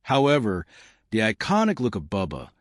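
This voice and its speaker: A man's voice: lowish voice, huge pitch swings, normal speed, no room sound, clean studio sound. A man reading scripted narration for a countdown list video.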